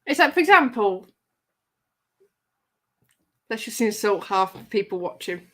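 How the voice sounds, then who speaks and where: A woman's voice: medium pitch, sing-song, unhurried, a bit bright. A woman hosting a casual livestream, chatty and giggly as she reads viewers' comments aloud. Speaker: livestream host reading chat. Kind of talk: casual live-stream chat.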